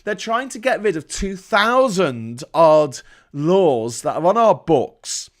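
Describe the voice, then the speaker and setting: Sweary ranting man, higher voice. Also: sing-song, takes it slowly. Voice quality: a little hoarse. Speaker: political livestream host. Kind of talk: angry political rant.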